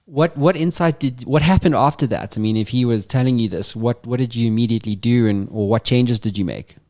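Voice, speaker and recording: A man's voice: mid-range voice, a little fast, a little mellow. A man hosting an interview podcast, chatty and friendly, asking his guest open questions. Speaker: podcast host. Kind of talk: casual interview.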